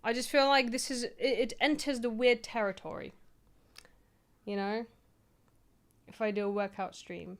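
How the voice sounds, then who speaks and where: A woman's voice: on the high side, steady tone, normal speed, pauses often. A young woman streamer chatting casually and rambling from a small home office, poking fun at herself. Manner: rambling, chatty, self-mocking. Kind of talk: casual live-stream chat.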